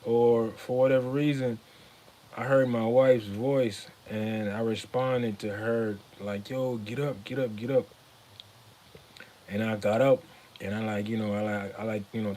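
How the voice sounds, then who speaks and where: A man hosting a podcast, casually recounting a personal story with loose, rambling phrasing. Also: mid-range voice. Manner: relaxed, rambling, with many fillers like "you know what I'm saying". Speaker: podcast host.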